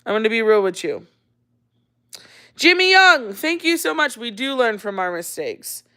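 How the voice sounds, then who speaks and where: A woman's voice: on the high side, very animated, moderate pace, bright, forceful tone. A woman in her thirties hosting a casual livestream, chatting and laughing as she reads viewer comments aloud. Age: 30s. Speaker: livestream host.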